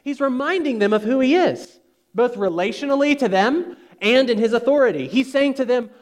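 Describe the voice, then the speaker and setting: A man's voice: very high-pitched, animated, moderate pace. A pastor preaching a sermon, emphatic and full of rhetorical questions to his congregation.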